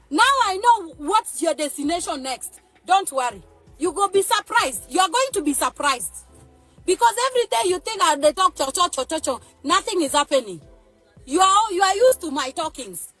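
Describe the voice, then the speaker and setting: A woman's voice: sits high, sing-song, moderate pace, fairly bright tone, soft background music. A woman with a Nigerian accent, a mother ranting emotionally to camera in an agitated, threatening and pleading way. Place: parked car.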